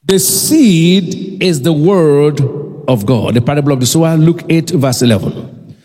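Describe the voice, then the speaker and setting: A man's voice: on the high side, unhurried, mellow. A man preaching a sermon to his congregation, speaking with emphasis and quizzing them with call-and-response questions. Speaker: pastor. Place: large church hall. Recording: long hall reverb.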